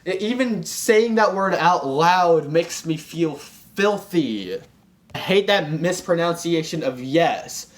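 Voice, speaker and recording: High-voiced young man ranting about slang. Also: lively intonation, slow pace. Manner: exasperated, full of fillers and restarts. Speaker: commentary vlogger. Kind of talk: comedic rant.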